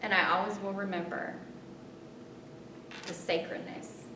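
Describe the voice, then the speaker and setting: A woman performing a spoken story, expressive, her voice jumping high in tense moments and softening when reflective. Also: a little slow, background noise. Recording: roomy, distant, rumbling background.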